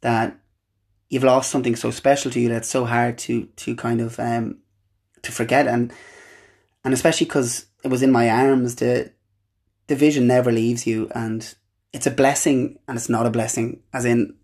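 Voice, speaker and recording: A young Irish man hosting a podcast, telling a personal story in an earnest, halting way with frequent restarts. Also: mid-range voice, little pitch movement, darkish tone, husky. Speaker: podcast host.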